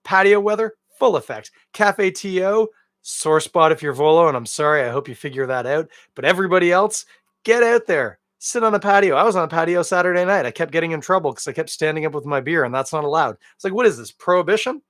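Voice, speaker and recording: A man hosting a beer podcast in casual solo chat, rambling and joking, with big swings between loud bursts and quiet asides. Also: fairly high pitch, fast, dry recording, clean studio sound. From Canada. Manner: rambling, jokey and animated, with big swings in loudness.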